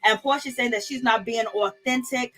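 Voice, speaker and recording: High-voiced woman gossiping, laughing often. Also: normal speed, faint music behind. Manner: animated, gossipy, laughs often, African American Vernacular phrasing. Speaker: reality TV reviewer and channel host. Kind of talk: casual commentary, live-chat shoutouts.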